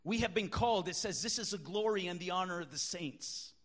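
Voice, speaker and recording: A man preaching a sermon as pastor, emphatic, swinging between quiet talk and loud shouts. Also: high voice, fairly quick.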